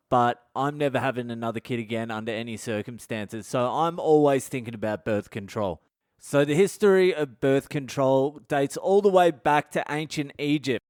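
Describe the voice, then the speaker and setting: A man's voice: mid-range voice, smooth, no room sound, clean studio sound. Crude, ranting comic man. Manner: crude, swearing, animated rants. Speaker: podcast host. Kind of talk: comic monologue.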